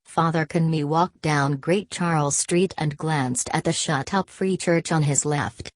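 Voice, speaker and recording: A woman reading a classic novel aloud as an audiobook narrator, in a measured, even delivery. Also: deep voice, dry recording. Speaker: audiobook reader. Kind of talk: scripted literary narration.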